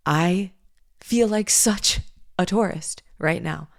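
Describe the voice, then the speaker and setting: A young woman hosting a podcast, telling a personal story in a candid, animated way and swearing freely. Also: mid-range voice, takes it slowly, vocal fry, no echo, studio quality. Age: young adult. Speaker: podcast host. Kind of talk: casual storytelling monologue.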